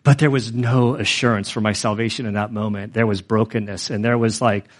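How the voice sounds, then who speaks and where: A man's voice: fairly low pitch, fairly even intonation, a little fast. Earnest rambling male preacher. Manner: rambling, heavy on fillers, earnest. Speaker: pastor. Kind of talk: sermon testimony.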